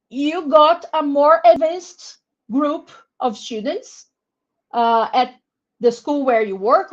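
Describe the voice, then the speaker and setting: Brazilian woman, webinar presenter, slow and careful delivery, somewhat high voice, dull video-call audio. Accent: Brazilian Portuguese. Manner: encouraging, reads out names from chat; slow, careful word-by-word explanation. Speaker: webinar presenter for English teachers. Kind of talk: live online teaching webinar.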